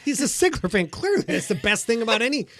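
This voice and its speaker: A man's voice: sits high, very animated, fast talker, a bit bright, no room sound. A man hosting a casual livestream chat, brash and teasing, full of jokes. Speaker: podcast host.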